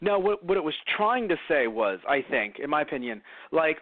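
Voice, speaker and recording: A man co-hosting a casual podcast chat. He talks animatedly, swears freely and acts out quotes in sudden high voices. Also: very animated, fast talker, hardly any pauses, no echo. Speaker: podcast co-host. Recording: tinny phone-like sound, dry.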